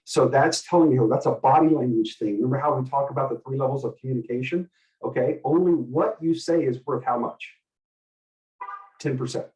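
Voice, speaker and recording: A middle-aged man coaching a group in communication, animated and asking the group many questions. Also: medium pitch, a little fast, distant mic, poor audio. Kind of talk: teaching a group session.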